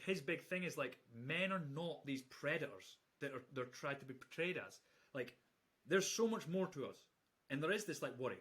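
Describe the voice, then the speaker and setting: A man's voice: on the high side, a bit bright. A man hosting a podcast speaks earnestly and casually. He uses blokey slang and fills his sentences with "like". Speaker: podcast host.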